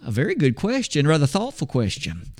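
A man teaching a Bible lesson from slides, explaining things in a measured way and speaking to his listeners as "you and I". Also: on the high side, huge pitch swings, darkish tone.

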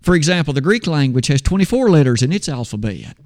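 A man teaching a Bible lesson from slides, explaining things in a measured way and speaking to his listeners as "you and I". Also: fairly high pitch, sing-song, darkish tone.

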